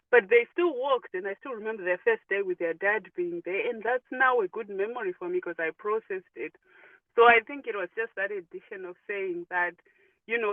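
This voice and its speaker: A woman's voice: mid-range voice, dry recording. A woman calling into a live audio chat to share earnest personal reflections, often saying "you know" and "I think". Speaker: caller. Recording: tinny phone line, distant from mic.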